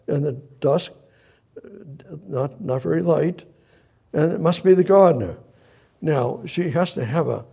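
A man's voice: a little high, gravelly, a little mellow, breathy edge. A male preacher giving a sermon, retelling scripture dramatically with many repeats and old-style Bible quotes.

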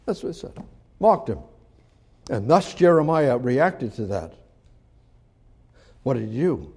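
A man preaching a sermon on scripture, emphatic and repetitive, swinging from loud pleas to quiet asides. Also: high-pitched, very animated, takes it slowly.

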